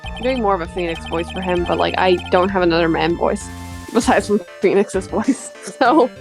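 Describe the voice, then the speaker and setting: A woman's voice: on the low side, normal speed, creaky, soft background music. A young woman from Canada chatting casually on a game stream, often laughing at herself and filling her speech with "like". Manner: laughing, self-deprecating, lots of "like".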